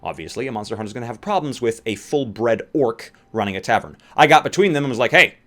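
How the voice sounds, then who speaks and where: A man's voice: medium pitch, animated, fast talker. A young man who plays and runs tabletop games, giving casual, opinionated advice with rambling asides. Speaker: tabletop game player and dungeon master. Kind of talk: casual how-to advice talk. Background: faint guitar music.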